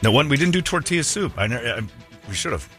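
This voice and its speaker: A man's voice: medium pitch, sing-song, fast talker, fairly bright tone, faint music behind. A man hosting a radio show, telling a long rambling story in a casual, anecdotal way with restarts and asides.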